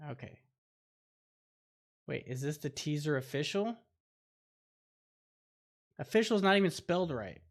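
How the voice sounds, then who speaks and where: A man's voice: fairly high pitch, animated, measured pace, long pauses. A man hosting a casual livestream chat, rambling as he reacts aloud to clips. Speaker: host.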